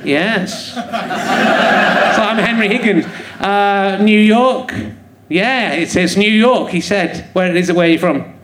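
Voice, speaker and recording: A man's voice: sits high, slow pace, noisy background. A man hosting a live comedy podcast on a theatre stage, joking and teasing the audience and laughing often. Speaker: comedian host. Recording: echoey theatre with crowd laughter.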